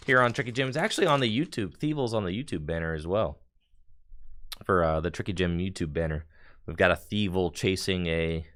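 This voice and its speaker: A man's voice: low voice, a bit bright, clean tone. A man chatting casually on a live stream while opening card packs, talking in a chatty, slangy way with bursts of enthusiasm.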